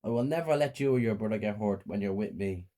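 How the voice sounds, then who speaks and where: A man voicing a male demon from hell, speaking slowly and evenly. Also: on the low side, warm tone, close to an everyday voice. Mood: calm. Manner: slow, measured delivery.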